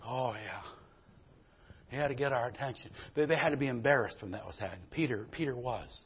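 Husky-voiced preacher, emphatic call-and-response. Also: male voice, mid-range voice, lively intonation, rapid-fire. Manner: folksy storytelling asides. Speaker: pastor. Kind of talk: sermon. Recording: dull lo-fi sermon recording.

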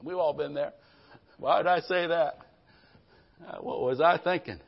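A man preaches a live church sermon with fervor, pausing to call for amens from his listeners. His voice sits high. The audio is dull and lo-fi, like a live stream of a church service. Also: gravelly. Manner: fervent preaching, calls for amens. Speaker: pastor.

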